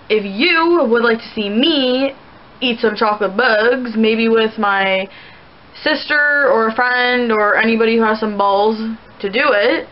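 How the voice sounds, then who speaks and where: A young woman from Canada with a fairly high voice talks casually to camera, meandering through viewer questions and leaning heavily on "like." The audio is dull.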